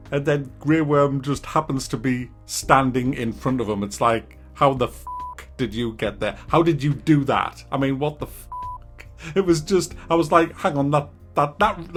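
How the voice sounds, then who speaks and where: Sweary exasperated man ranting. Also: mid-range voice. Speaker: game reviewer. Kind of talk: casual video review rant.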